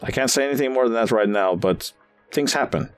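A man's voice: medium pitch, clear, resonant tone, faint music behind, close to an everyday voice. A man doing a shifty space gun dealer. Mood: grave. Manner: broken English, halting, secretive. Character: shifty male space arms dealer, wary.

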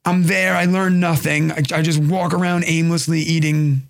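A young man with a thick New York accent rambles through a story, acting out every quote. His voice sits high and has a gravelly edge. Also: flat delivery, normal speed. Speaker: podcast co-host. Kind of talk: casual storytelling chat.

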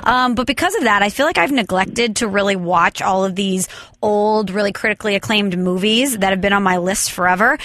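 A woman's voice: medium pitch, a little fast, fairly bright tone, dry recording, clean studio sound. A woman hosting a podcast, chatting playfully and teasing her guest about movies. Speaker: podcast host. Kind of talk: casual podcast chat.

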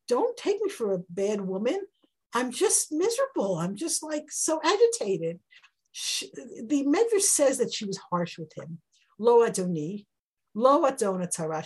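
A woman teaching a Torah class in a lively way, acting out the dialogue with big jumps in pitch. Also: slightly rough, low-quality recording.

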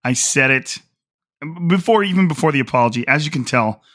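A man hosts a casual podcast with a hoarse, strained voice. His tone is bright and forceful even as he rambles through restarts and fillers. The recording is close and dry, with no room sound. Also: medium pitch, brisk, no room sound. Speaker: podcast host. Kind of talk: casual solo podcast talk.

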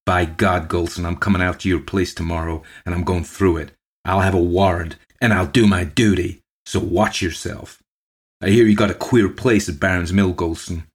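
A man voices a blustering inspector in an old backwoods tale, all bullying threats and shouting. The voice sits low and gruff, the temper always close to boiling over. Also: steady tone, normal speed. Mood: angry. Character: hot-tempered blustering male government inspector.

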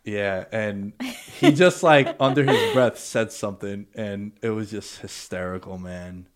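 A man's voice: on the low side, measured pace. A young man hosting a podcast, telling casual stories with laid-back slang. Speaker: podcast host. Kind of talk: casual chat.

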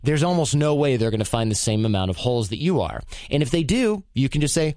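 A man from Michigan hosting a podcast, answering listener mail in a relaxed, reflective, conversational way. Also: medium pitch, fast, few pauses, no echo, studio quality. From Michigan, USA. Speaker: podcast host. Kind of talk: casual advice talk answering listener mail.

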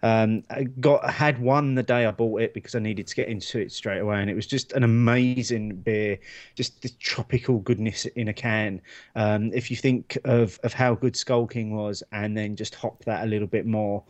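A man co-hosting a beer podcast, talking in a relaxed, rambling way with lots of ums. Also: fairly low pitch, normal speed. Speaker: podcast co-host. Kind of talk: casual chat.

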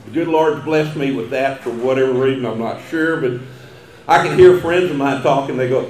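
A man's voice: mid-range voice, moderate pace, darkish tone, a little hiss or hum. Older Texan man, folksy after-dinner storyteller who chuckles often, recorded in a roomy banquet hall. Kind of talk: humorous banquet speech.

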